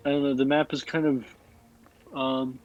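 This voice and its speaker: A man playing a tabletop game, speaking hesitantly with many pauses and fillers. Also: medium pitch, flat delivery, darkish tone, soft background music. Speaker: player. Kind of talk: casual tabletop play. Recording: slightly dull lo-fi audio.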